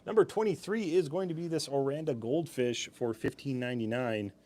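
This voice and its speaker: A young man hosts a live-stream sale in a relaxed, chatty way. His voice sits at a middle pitch. He laughs easily and wanders into casual asides. A faint noise sits behind him. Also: fairly quick.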